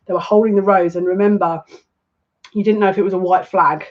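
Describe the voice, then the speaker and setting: A woman's voice: medium pitch, fairly even intonation, a little fast. A woman doing a live tarot reading, chatting with emotional asides and reading aloud from a card book. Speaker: psychic card reader. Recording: dull lo-fi recording.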